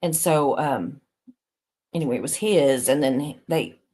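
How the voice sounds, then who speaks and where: A rambling, chatty woman with a drawl talks straight to her livestream viewers in a lower voice. She reads the chat aloud and laughs often, as if catching up with friends over coffee. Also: measured pace, warm tone, breathy edge. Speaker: live stream host.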